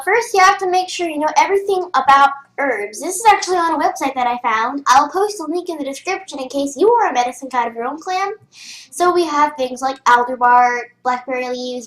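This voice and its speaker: A woman's voice: high voice, normal speed, echoey room, rough recording. A young girl in a casual tutorial, chatty and rambling with lots of fillers and restarts, keyboard typing behind her. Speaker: game tutorial host. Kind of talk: casual screen-recorded tutorial.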